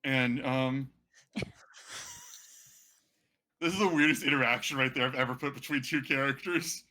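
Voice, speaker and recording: Bright-voiced man running a tabletop game. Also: mid-range voice, normal speed. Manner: rambling, hesitant narration with many fillers. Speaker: game master.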